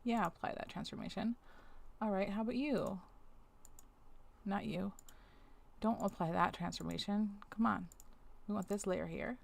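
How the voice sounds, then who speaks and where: At normal speed, with a creaky mid-range voice and frequent pauses, a woman streamer does a task while chatting casually. She thinks aloud in self-talk, scolds things on her screen and then apologizes, all through a webcam setup.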